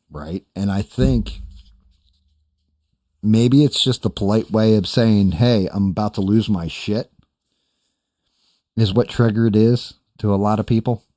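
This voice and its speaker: Older male streamer host, deep mellow voice, crude and self-mocking, off-the-cuff chat. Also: no echo, clean studio sound. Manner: profane, rambling, self-deprecating. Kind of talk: casual chat reading live chat.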